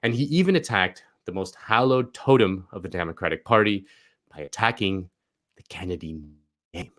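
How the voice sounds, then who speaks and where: A man hosting a live political commentary show, talking in a wry, sarcastic way with quick asides. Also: deep voice, expressive. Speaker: host.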